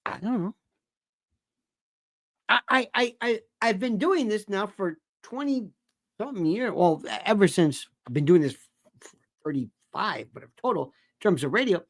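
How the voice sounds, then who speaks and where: A man's voice: high voice, lively intonation, normal speed, pauses often, dry recording, clean studio sound. A middle-aged man hosting a talk show, ranting about politics with emphatic, repetitive and sarcastic delivery.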